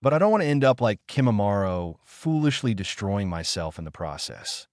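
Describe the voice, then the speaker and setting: A man voicing a calm young female sand fighter in a monotone. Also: on the low side, normal speed, no echo, studio quality. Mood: earnest.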